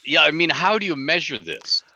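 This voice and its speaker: Male guest author, very bright and animated voice, wry joking manner. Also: fairly high pitch, normal speed, no room sound, muffled recording. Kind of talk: casual chat.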